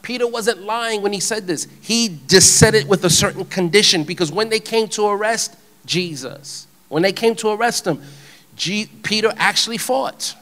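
Bright-voiced casual male preacher. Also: high-pitched, moderate pace. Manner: casual, animated, shifting between soft and loud. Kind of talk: informal conversational sermon.

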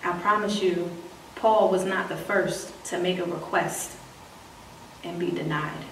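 A woman preaching a sermon, reading scripture slowly and emphatically, then breaking into casual slang asides. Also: fairly low pitch, fairly even intonation, a bit bright, a little hiss or hum. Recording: echoey room, voice from a distance.

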